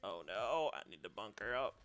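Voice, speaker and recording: A man's voice: lowish voice, expressive, normal speed, fairly bright tone. A man giving live gameplay commentary as a streamer, trash-talking opponents and swearing, with sudden yelps and laughter.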